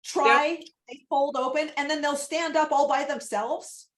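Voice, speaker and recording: A woman coaching on a video call, chatty and animated, laughing often as she talks. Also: high voice, a little slow. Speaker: real estate prospecting coach.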